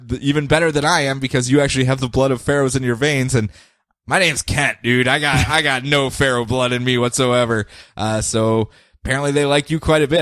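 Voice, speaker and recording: A man voicing a breezy, overconfident male mentor sorcerer in a high, chummy voice. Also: a bit bright, no room sound, studio quality, natural voice. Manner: high-pitched, flippant and chummy.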